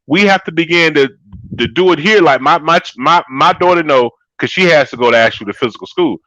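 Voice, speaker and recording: A man's voice: fairly high pitch, fairly quick, fairly bright tone, no room sound, muffled recording. A man co-hosting a casual chat show, talking emphatically in a preachy way and calling his listeners y'all. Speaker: co-host.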